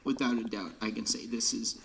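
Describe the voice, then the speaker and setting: Choked-up young man with a gravelly voice. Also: on the low side, fairly even intonation, brisk, fairly bright tone, slight background noise. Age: late teens. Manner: choked up, often dropping to a whisper, sighing. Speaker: drum major. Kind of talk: emotional farewell speech. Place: band room.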